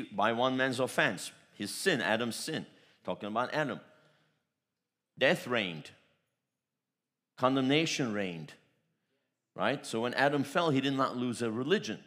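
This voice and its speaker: A pastor, a man with a medium-pitched voice, preaches a sermon through storytelling built on repeated phrases. He swings between loud declarations and soft asides.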